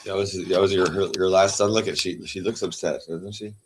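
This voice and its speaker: Low-voiced male streamer, rambling and unhurried, talks to his cat between thoughts. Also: steady tone. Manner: meandering, heavy on fillers, coos at his cat. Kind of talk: casual rambling livestream chat.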